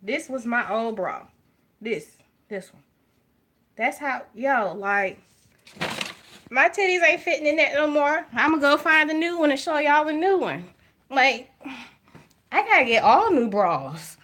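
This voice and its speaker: A woman with an Alabama drawl talks to camera at home, her voice sitting a touch high. She is frank and jokey, always speaking straight to her viewers. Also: expressive, measured pace, long pauses, fairly bright tone. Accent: Southern US, Alabama. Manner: candid, joking, talks straight to viewers as y'all. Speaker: vlogger. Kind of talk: casual chat to camera. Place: at home by her makeup table.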